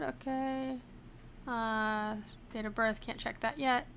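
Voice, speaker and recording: A woman's voice: a little high, takes it slowly, pauses often, a bit bright, slight background noise. A woman casually talking through a video game as she plays. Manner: chatty, self-narrating as she plays. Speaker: gamer. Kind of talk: let's play commentary.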